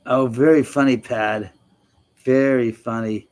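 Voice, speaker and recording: On a rough recording, a middle-aged man speaks a little slowly in a mid-range, darkish voice with fairly even intonation. As host of a casual livestream, he reads comments and chats with viewers, frequently laughing and swearing freely.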